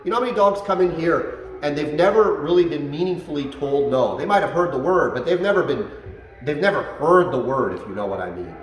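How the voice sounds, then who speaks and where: Speaking fairly quickly in a high-ish voice, this dog trainer explains commands and animatedly performs his loud, excited reprimands to dogs as part of an instructional session. The recording, made in a training facility, has him far from the microphone in an echoey room with slight background noise.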